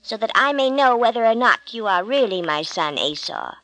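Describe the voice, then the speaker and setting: A woman's voice: fairly high pitch, animated, normal speed, a bit bright, no echo, low-quality recording. A woman voicing Isaac, a blind old father, in a storybook reading, solemn when blessing. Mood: pleading.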